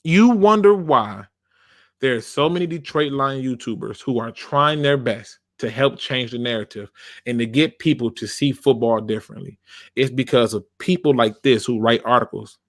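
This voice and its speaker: A man's voice: mid-range voice, moderate pace, dry recording, clean studio sound. A man hosting a football fan channel, talking in a casual commentary rant, emphatic and informal, repeating his phrases for effect.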